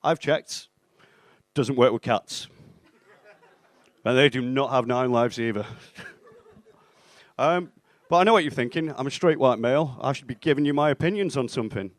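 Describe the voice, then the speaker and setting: A young man delivers a stand-up set on a club stage, deadpan and self-mocking, slipping into bits of dialogue as he goes. His voice sits in a mid range and comes through a handheld mic that sounds dry and close. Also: mid-range voice, moderate pace, long pauses, no echo. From England (Stoke-on-Trent). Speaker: stand-up comedian.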